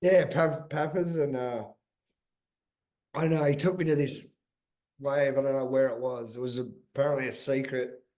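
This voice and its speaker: A man's voice: mid-range voice, fairly even intonation, moderate pace, a little mellow. A middle-aged Australian man, a guest in casual chat, talking in a loose, rambling way and swearing freely. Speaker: guest, big wave surfer.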